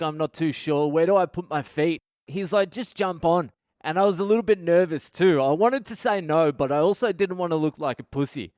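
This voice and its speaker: Australian male podcast host, crude and animated storyteller, higher-pitched and smooth. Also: dry recording, studio quality. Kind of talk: storytelling monologue.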